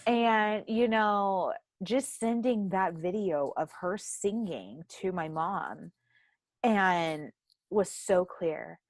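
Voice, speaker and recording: A woman's voice: mid-range voice, slow pace, dry recording. A young adult woman hosting a podcast, chatting casually and telling candid stories with frequent swearing. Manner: candid, profane, animated storytelling. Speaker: podcast host. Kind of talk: casual chat.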